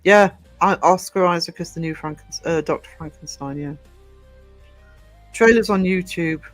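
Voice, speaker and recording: A man's voice: on the high side, moderate pace, a bit bright, soft background music. A man hosting a livestream, chatting casually and rambling with many hesitations as he answers live comments. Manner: rambling, hesitant, full of ums. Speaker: livestream host.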